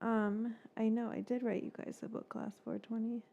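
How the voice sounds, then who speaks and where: A woman hosting a live cooking stream, rambling in casual chat, swearing now and then and muttering quiet asides. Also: fairly high pitch, flat delivery, moderate pace, creaky, highs cut off. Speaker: cooking show host.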